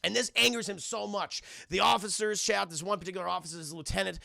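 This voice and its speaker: A young man recapping a film for his live chat, profane and excitable, constantly addressing the chat. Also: high voice, fast talker, gravelly, no room sound, clean studio sound. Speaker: streamer reviewing a film. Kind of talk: casual livestream commentary.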